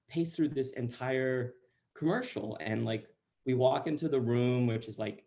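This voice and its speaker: A man from Central Texas telling a funny personal story over a video call, chatty and full of asides. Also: medium pitch. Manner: animated, chatty, many likes and asides.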